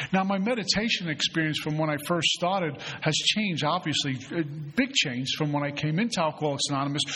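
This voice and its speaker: A man with a fairly high, bright, forceful voice leads a spiritual recovery retreat, speaking earnestly and conversationally and often repeating his phrases. The recording has a long hall reverb and slight background noise.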